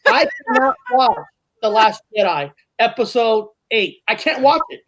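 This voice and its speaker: A woman's voice: a little high, expressive, a little slow. A woman hosting a podcast in casual chat, emphatic and opinionated, often repeating herself for effect. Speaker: podcast host.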